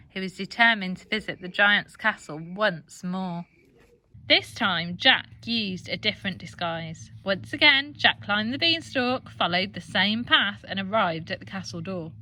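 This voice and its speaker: An English woman teacher reading a children's storybook aloud with expressive, animated delivery. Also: medium pitch.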